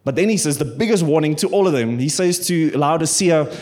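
A male pastor preaches with earnest emphasis and bursts of playful humour. His voice sits high and carries a husky, slightly breathy texture. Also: animated, a little fast, darkish tone. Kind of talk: sermon.

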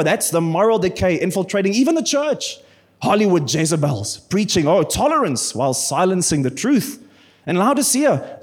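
A man's voice: sits high, darkish tone. A man mimicking a conspiracy-minded end-times preacher in a sarcastic, mock-dramatic way.

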